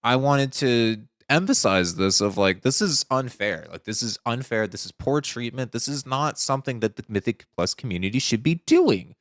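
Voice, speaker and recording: A man's voice: medium pitch, lively intonation, moderate pace, hardly any pauses, no echo, studio quality. A man streamer talking casually to his audience, earnest and indignant, often repeating his points. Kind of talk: casual commentary to camera.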